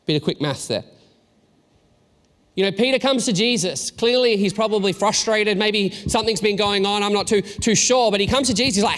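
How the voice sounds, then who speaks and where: A man in his thirties, a pastor, giving a sermon in a casual storytelling way with halting restarts and self-deprecating asides. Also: sits high, a bit bright. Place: church hall. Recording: long reverb in a large room.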